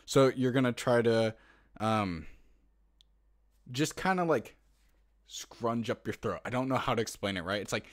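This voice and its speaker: A man's voice: mid-range voice, measured pace, pauses often, no echo, studio quality. A man explaining a silly tutorial in casual talk, rambling and fumbling for words with lots of fillers. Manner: breaks into laughter and loud hoots. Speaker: online tutorial maker.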